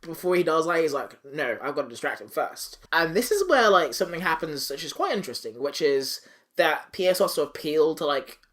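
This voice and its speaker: A man's voice: on the high side, animated, fairly quick, fairly bright tone. A man hosting a podcast, casually recapping a cartoon episode with silly voices and swearing. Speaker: podcast host.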